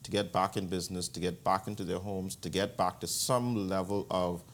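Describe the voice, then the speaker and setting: A man, speaking as a guest commentator in an interview, measured and deliberate with frequent restarts. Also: low-pitched, steady tone. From Bahamas. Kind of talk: interview answer.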